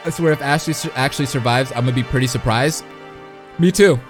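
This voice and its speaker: A young man reads a visual novel aloud on a live stream. His voice sits at a middling pitch, and he talks playfully with his chat between passages. Faint music plays behind him. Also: fast. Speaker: streamer and commentator.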